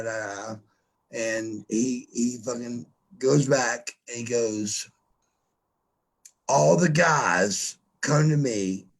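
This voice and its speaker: A man, a podcast guest, telling a story casually, swearing often, stumbling over repeated words and acting out what others said. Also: mid-range voice. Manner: profane, repeats words, acts out quoted lines. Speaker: podcast guest, former wrestler.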